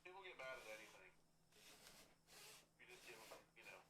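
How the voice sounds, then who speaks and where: A man's voice: medium pitch, sing-song, fairly quick. Man hosting a noisy voice chat. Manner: loose, crude and amused. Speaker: podcast host. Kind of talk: casual voice-chat banter.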